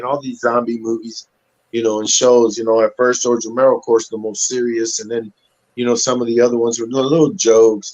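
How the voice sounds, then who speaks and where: A man guest telling stories in a casual interview, animated, acting out the voices of people he quotes, talking through a webcam on a video call. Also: medium pitch. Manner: animated storyteller who acts out quoted voices. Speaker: actor guest. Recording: dull lo-fi audio.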